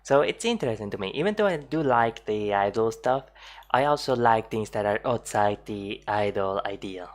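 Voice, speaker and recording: A woman's voice: rumbling low, lively intonation, moderate pace. A woman streamer giving casual live-stream commentary on clips, chatty and laughing often, with many fillers.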